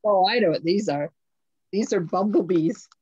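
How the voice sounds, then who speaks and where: A woman's voice: mid-range voice, normal speed, warm tone, breathy edge, highs cut off. A woman hosting a casual crafting live stream, gushing and exclaiming over each item she unboxes.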